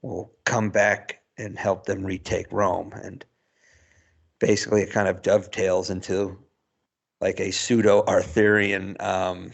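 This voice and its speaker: Gravelly low-voiced man chatting. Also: little pitch movement, unhurried. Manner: rambling, chuckles through points. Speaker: podcast co-host. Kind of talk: casual chat.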